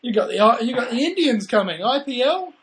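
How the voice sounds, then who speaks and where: A man with a very high voice co-hosts in a chatty, teasing way. He throws "mate" into almost every remark as he jokes with the others. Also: big pitch swings, a little fast, fairly bright tone. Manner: chatty, joking, says mate a lot. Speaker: podcast co-host. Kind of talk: casual chat.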